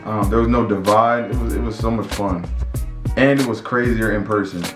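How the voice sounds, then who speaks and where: A man vlogging in a casual, storytelling way, excitable and rambling, with many restarts and repeated words. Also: fairly low pitch, moderate pace. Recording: echoey room with faint music.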